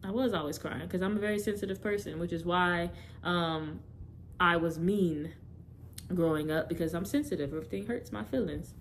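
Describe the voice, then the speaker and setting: A woman's voice: fairly low pitch, moderate pace, slight background noise. A young woman candidly telling her personal testimony straight to her viewers, rambling and correcting herself as she goes. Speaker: testimony speaker.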